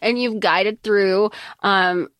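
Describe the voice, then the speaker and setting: A woman's voice: medium pitch, steady tone, takes it slowly, a bit bright, no echo. A woman co-hosting a podcast in casual chat, talking in a chatty, rambling way with many asides. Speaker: podcast co-host.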